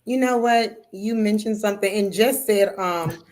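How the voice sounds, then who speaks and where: Hosting a spiritual talk show, a woman speaks emphatically and a bit preachily, cursing playfully and calling listeners "baby." Her mid-range voice has a darkish tone and a normal speed.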